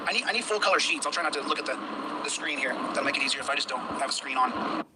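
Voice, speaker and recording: A man's voice: mid-range voice, expressive, fast talker. A man livestreaming while driving, rambling and stammering through restarts, recorded inside a moving car. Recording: loud road noise from a car. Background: car engine and road noise.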